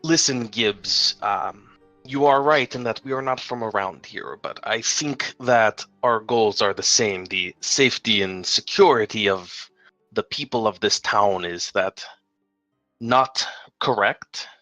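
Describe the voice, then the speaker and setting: A man voicing a calm, polite male gunslinger in a tabletop game, speaking courteously with a wry edge. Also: fairly low pitch, unhurried, no room sound, soft background music. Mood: persuasive.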